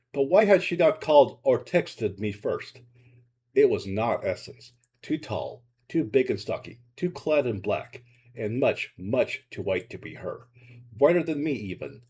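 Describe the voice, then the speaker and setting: A man reading his own short story aloud in an expressive, dramatic narration. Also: fairly low pitch, breathy edge.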